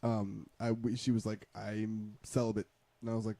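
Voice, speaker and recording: A man's voice: on the low side, monotone, normal speed, creaky, mellow, no echo. A man in casual chat, rambling through a personal story with many restarts. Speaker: podcast co-host.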